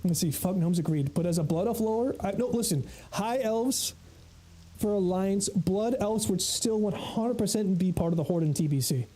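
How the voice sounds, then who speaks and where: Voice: mid-range voice, lively intonation, moderate pace, mellow, breathy edge, low-quality recording. A game streamer chatting casually with viewers while playing, rambling, laughing often and swearing freely. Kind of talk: casual livestream chatter reading chat while gaming.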